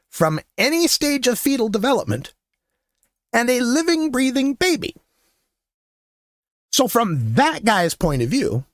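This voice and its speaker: An older man hosts his own show in a profane, impassioned monologue, talking to his listeners and now and then breaking into loud shouting. His voice sits a bit high and swings widely in pitch. The sound is close and dry. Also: no echo. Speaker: show host. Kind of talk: opinionated political monologue.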